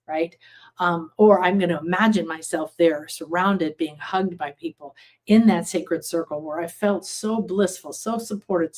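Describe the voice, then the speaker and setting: A woman teaching a class on emotions and tapping, casual and animated, acting out feelings in quick quoted outbursts. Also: medium pitch.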